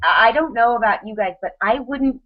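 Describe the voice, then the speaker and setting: A woman in her thirties on a podcast panel, telling a personal story in quick, animated bursts with restarts and laughs. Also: a little high. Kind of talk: casual storytelling chat. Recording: dull lo-fi podcast audio.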